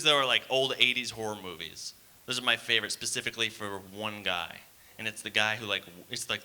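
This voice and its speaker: Young male stand-up comic, mid-range voice with a crisp bright edge, loose rambling patter. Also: mid-range voice. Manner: casual, rambling, many fillers and asides to the crowd. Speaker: stand-up comedian. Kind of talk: stand-up comedy set. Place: theater stage.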